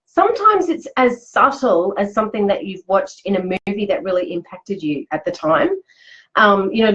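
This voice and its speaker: Aussie woman chatting on a live stream, upbeat, mid pitch, kinda dull lo-fi audio. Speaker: host. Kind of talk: live-streamed motivational talk. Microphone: live video stream.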